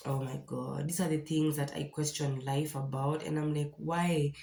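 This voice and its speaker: A woman's voice: deep voice, steady tone, moderate pace, creaky, mellow. A young Kenyan woman vlogging candidly and emotionally, distressed and near tears, with many restarts. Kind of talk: casual confessional vlog. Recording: echoey room.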